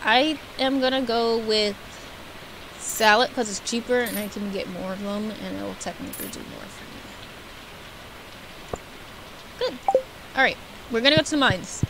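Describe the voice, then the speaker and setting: A young adult woman streaming a video game, chatting casually and rambling, playfully yelling at enemies. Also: fairly high pitch, a little slow, pauses often, a little hiss or hum, low-quality recording. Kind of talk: casual gameplay commentary. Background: game music.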